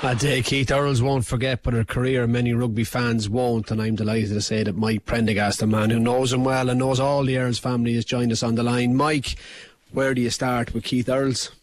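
A man's voice: medium pitch, little pitch movement, normal speed. A man co-hosting a radio sports show with wry banter. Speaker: co-host.

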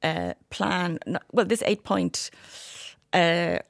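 Woman, fifties, radio guest, heavy vocal fry, dry studio, talkative. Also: fairly low pitch, slow pace, no echo. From Ireland. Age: 50s. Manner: chatty and animated, jumping in with asides. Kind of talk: radio interview.

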